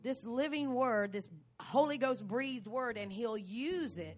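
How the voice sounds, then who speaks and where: A woman's voice: fairly high pitch, animated, unhurried, faint music behind. A woman preaching in a church service, trading jokes with a co-preacher and calling out praises. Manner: exclamatory, praising, jokey. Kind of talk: lively preaching with banter.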